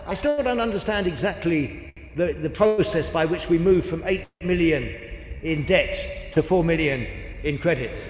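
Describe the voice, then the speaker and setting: A man's voice: high-pitched, a little hiss or hum. A man, preaching and telling a story with lots of quoted dialogue. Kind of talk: sermon. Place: large church hall. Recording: echoey church hall with long reverb.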